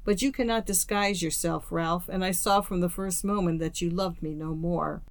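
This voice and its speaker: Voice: medium pitch, fairly even intonation, normal speed, no room sound, natural voice. A storyteller reading the lines of a young woman in a storybook, tearful and resigned, spoken mournfully.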